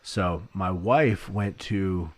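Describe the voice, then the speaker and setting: A man's voice: sits low, very slow. A man in his thirties, a podcast guest, telling chatty stories and acting out what people said. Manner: chatty storyteller, acts out quotes. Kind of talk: casual chat.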